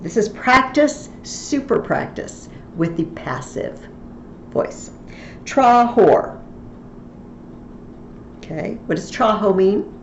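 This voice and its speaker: A woman's voice: mid-range voice, expressive, slow, fairly bright tone, echoey room, lo-fi sound, a little hiss or hum. A woman teaching a Latin lesson in a recorded tutorial, explaining each form patiently, step by step.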